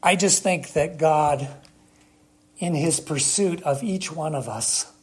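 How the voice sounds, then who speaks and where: A preacher with a medium-pitched, slightly rough voice delivers an emphatic sermon. He pauses dramatically at length and puts rhetorical questions to the congregation.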